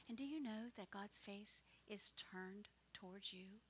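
A woman pastor preaching a sermon earnestly, dropping to soft whispers and rising to fervent prayer. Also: mid-range voice, a little slow, hardly any pauses, slight background noise.

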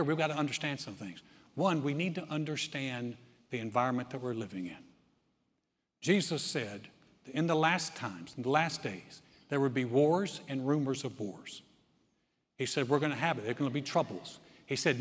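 A man preaching a sermon, telling a story with acted-out voices and swinging from loud to hushed. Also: fairly high pitch. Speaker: pastor. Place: large church sanctuary. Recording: long hall reverb.

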